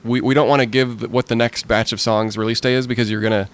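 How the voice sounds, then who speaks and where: A man's voice: mid-range voice, little pitch movement, quick pace. Male podcast host and band member, mid-range voice, loose rambling delivery broken up by laughter. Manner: laughing, rambling, self-interrupting. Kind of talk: casual chat.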